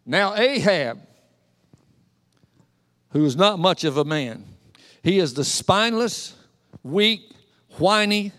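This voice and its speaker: A high-voiced male preacher delivers his sermon as a lively, joking story, acting out each scene. His voice rings through a large church with a long, trailing reverb.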